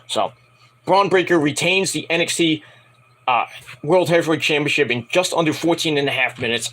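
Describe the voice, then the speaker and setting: A man with a husky, slightly raspy voice that sits higher than most and cuts bright and forceful. He rambles through a casual wrestling recap with plenty of fillers and swearing, sounding frustrated. He is talking from home at night. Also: brisk, rough recording. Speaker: wrestling show reviewer. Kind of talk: casual spoken review.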